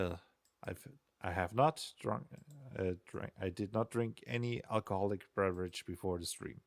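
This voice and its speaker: A young game designer streams himself programming, his low, creaky voice moving at a normal speed. He chats casually and rambles in a self-deprecating way, chuckling often. The recording is dry with clean studio sound.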